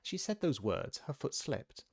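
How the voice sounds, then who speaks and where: A man reading a children's classic aloud in an expressive storybook narration. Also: medium pitch, unhurried, vocal fry, breathy edge. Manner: animated, lively reading voice.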